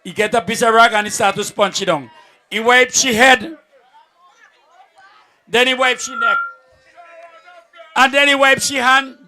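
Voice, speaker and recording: A man with a Vincentian accent telling jokes at an outdoor event, a lively storyteller who laughs as he goes. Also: very high-pitched, a little slow, pauses often, noisy background. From St Vincent and the Grenadines. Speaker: comedian at a political event. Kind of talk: joke telling.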